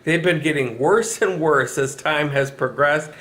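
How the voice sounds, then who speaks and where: A man's voice: on the high side, a little slow, fairly bright tone. A man vlogging from his couch at home in a chatty way, laughing often. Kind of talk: casual talk to camera.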